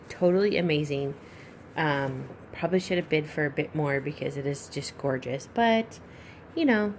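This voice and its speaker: A woman opening a doll box on her vlog, gushing with breathy exclamations as she talks to viewers. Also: low voice, slight background noise. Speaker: reborn doll collector and YouTuber. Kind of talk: unboxing vlog chat.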